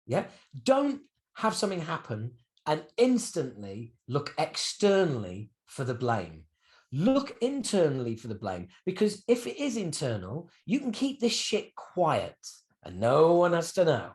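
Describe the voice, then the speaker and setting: A man in his fifties, a guest musician telling stories animatedly in a candid interview, swearing freely. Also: a little slow. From United Kingdom. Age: 50s. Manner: animated storyteller with swings in pitch and loudness, swears freely.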